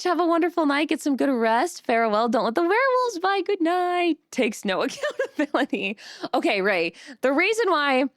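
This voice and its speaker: A bubbly woman streamer chatting live with her viewers, her high voice bouncing up and down as she greets people by name. The sound is dry and close to the mic. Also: no room sound. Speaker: vtuber streamer. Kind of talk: casual live-stream chat.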